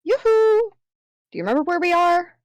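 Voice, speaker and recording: A woman's voice: very high voice, very animated, normal speed, dry recording. A woman playing a tabletop game, speaking playfully in a sing-song way. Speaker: player.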